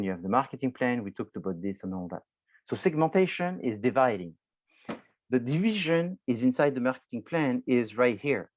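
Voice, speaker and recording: Guy teaching a marketing class, middle pitch, dry sound, lots of uh and restarts. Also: no room sound, low-quality recording. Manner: loose explanatory talk with frequent restarts and filler words; addresses students directly with examples. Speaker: university marketing lecturer. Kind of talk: classroom lecture.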